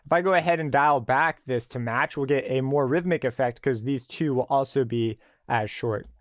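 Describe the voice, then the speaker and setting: A man giving a relaxed, screen-recorded tutorial on a synthesizer plugin, explaining as he tweaks settings. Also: medium pitch, moderate pace, no room sound, studio quality. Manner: relaxed explanatory, thinking aloud with fillers. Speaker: music production tutor.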